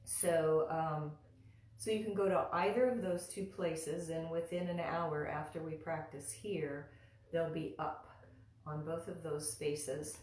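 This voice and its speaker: A low-voiced woman leads a live pronunciation lesson, speaking slowly and patiently and repeating each syllable several times. Her voice carries a roomy echo. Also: steady tone, a little mellow. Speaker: mantra teacher.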